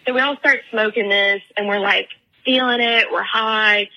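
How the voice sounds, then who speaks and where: A young woman leaving a casual voicemail, retelling a story in a chatty, animated way with many fillers. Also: medium pitch, normal speed, low-quality recording. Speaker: voicemail caller.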